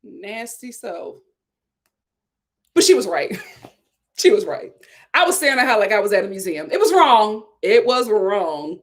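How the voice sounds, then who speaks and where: An American woman hosting a casual commentary show, reading viewer comments and telling stories in an animated, chatty way. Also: medium pitch, normal speed. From United States. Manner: animated, storytelling. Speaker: host.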